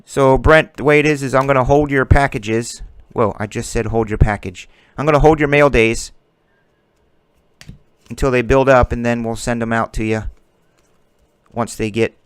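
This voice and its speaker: A man with a smooth, clear voice runs casual commentary as he opens packs of cards, calling out names and cracking jokes as he goes. The sound is close and dry, with almost no room around it. His pitch sits right in the middle for a man. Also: fairly even intonation, moderate pace, no room sound. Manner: chatty and joking, calls out player names as cards come up. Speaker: host of a card-breaking stream. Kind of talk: casual running commentary while opening card packs.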